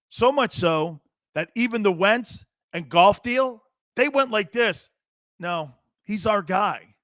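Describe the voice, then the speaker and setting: Brash, high-voiced sports talk host. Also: male voice, no echo, clean studio sound. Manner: brash, animated, rhetorical questions, slangy. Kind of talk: opinionated sports talk monologue.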